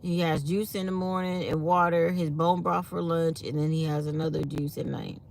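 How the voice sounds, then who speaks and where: Woman, tired, chatty, low gravelly voice, faint hiss behind. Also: fairly even intonation, normal speed, darkish tone. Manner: chatty, reads live comments aloud. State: tired and yawning. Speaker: channel host. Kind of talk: casual morning chat to viewers.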